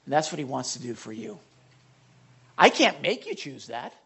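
Excitable preacher swinging loud and hushed. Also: mid-range voice, moderate pace, gravelly, husky. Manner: animated, swinging between loud exhortation and hushed soft lines; excitable, with restarts and self-corrections. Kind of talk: sermon.

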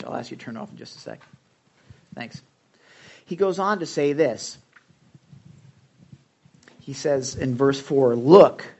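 Male pastor, lively conversational sermon, slightly higher voice. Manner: animated, conversational preaching with asides and jokes. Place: hot church room.

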